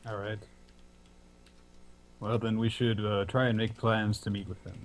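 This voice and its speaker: A young man playing a tabletop game, speaking in character with formal, measured planning. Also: fairly low pitch, level tone, slight background noise. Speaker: player.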